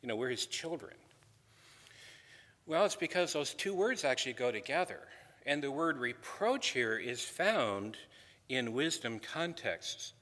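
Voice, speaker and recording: A man teaching a scripture class, his voice bright and a little sharp. He talks in a conversational, wry way, often doubling back on his words. The sound carries a long reverb, as if in a large hall. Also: medium pitch, big pitch swings, a little slow. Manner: conversational and wry, with frequent restarts. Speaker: Bible lecturer.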